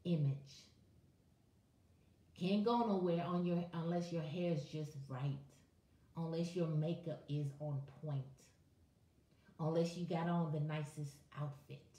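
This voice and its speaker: A woman's voice: deep voice, steady tone, measured pace, pauses often, dark tone, roomy sound, distant mic. A woman preaching to her viewers on a morning live stream, impassioned and conversational, calling on people by name. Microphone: webcam or phone on a live video.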